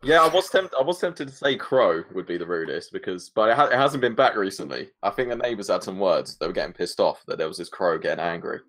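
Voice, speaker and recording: A man's voice: low-pitched, big pitch swings, fast talker, hardly any pauses, fairly bright tone. A man co-hosting a casual football fan podcast, chatty and laid-back, spinning little stories. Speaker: podcast co-host. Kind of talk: casual chat.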